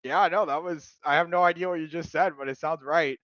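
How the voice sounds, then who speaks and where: A man hosting a casual live stream, excitable, laughing loudly and filling pauses with ums. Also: fairly high pitch, no echo. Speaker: streamer host. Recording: dull lo-fi dry sound.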